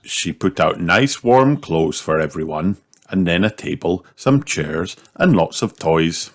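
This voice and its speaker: A man reading a children's storybook aloud with an expressive storytelling lilt. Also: sits low, measured pace. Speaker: narrator.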